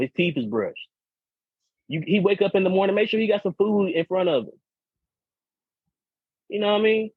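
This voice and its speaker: On a casual podcast, a male co-host spins a lengthy, foul-mouthed story, repeating words as he goes. His voice runs on the high side and sounds slightly rough. The lo-fi recording is dry and dull.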